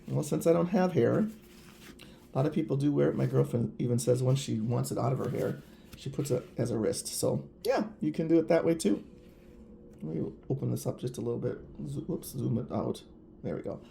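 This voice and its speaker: A man's voice: medium pitch, fairly quick, creaky, mellow, a little hiss or hum. A man chatting casually and enthusiastically to viewers while reviewing products. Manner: gushing, chatty, addresses viewers directly. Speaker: nail polish reviewer.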